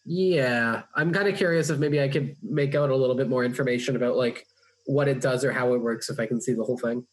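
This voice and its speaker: A man's voice: medium pitch, fast. A man playing a tabletop game, talking casually with hesitant, stammering restarts. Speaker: player.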